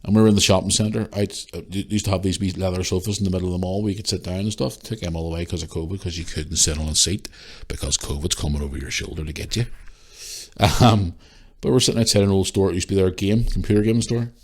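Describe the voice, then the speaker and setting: Ranting man, low voice. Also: fast. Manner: animated ranting, swears freely. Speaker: podcast host. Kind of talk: casual storytelling monologue.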